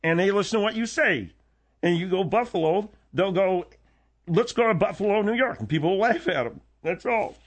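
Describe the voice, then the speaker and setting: A man's voice: high-pitched, normal speed. A man voicing a whiny, easily hurt male sidekick who rambles in radio comedy banter. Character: whiny, touchy adult male sidekick called Bud.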